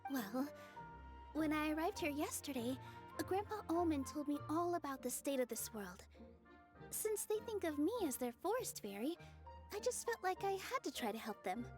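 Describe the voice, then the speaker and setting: A young woman voicing a gentle, cheerful young dancer in a game cutscene, soft, friendly and a bit apologetic. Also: high voice, lively intonation, normal speed, over music.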